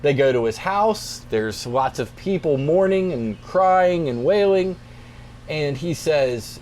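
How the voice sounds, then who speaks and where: A young man, a youth pastor, reading scripture and then explaining it in a relaxed, conversational devotional talk. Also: on the high side, slow, a little hiss or hum. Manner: relaxed, conversational, plainspoken encouragement.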